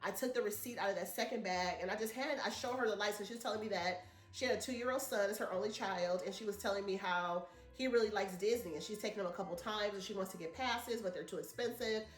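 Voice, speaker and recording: A woman's voice: mid-range voice, fast, roomy sound. A woman vlogger, chatting casually and telling a rambling story to her viewers. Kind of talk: casual chat to camera.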